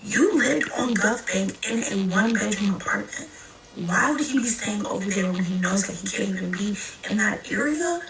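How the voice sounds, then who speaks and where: A woman's voice: medium pitch, normal speed, vocal fry, a loud crowd. A young woman from Texas telling a personal story in a casual way, acting out the quoted dialogue. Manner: animated, acts out quoted dialogue.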